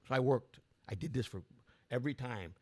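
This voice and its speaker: A man's voice: medium pitch, a little fast, mellow. A man in his sixties with a strained voice, telling his life story in a blunt, rambling way with many restarts. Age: 60s. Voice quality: gravelly. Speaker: political candidate. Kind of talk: personal storytelling.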